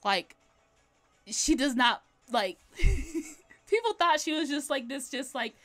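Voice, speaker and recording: Brief: woman streamer, fairly high voice, rambling casual chat while drawing, laughs a lot. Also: animated, slow pace, fairly bright tone, soft background music. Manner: chatty, rambling, laughs often. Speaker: livestreaming artist.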